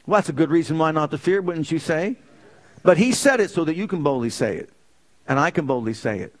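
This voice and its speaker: Emphatic preacher with a higher voice. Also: male voice. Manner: leads the congregation in call-and-response, drawn-out emphatic phrases. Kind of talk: sermon.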